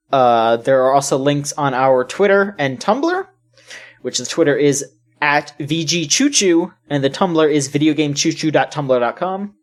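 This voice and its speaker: A woman's voice: deep voice, a little mellow. A woman co-hosting a casual video game podcast, rambling with lots of fillers and restarts. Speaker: podcast co-host.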